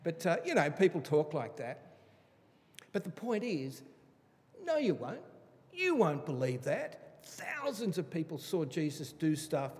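Animated preacher, slightly high voice. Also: male voice, a little slow. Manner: animated, emphatic, chatty asides. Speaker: Bible teacher. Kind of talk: conversational Bible study sermon. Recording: reverberant hall.

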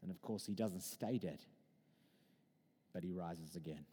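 A man in his thirties preaching a sermon in a conversational, animated way, mixing in personal stories. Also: low-pitched, measured pace, slightly rough, in a large hall. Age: 30s.

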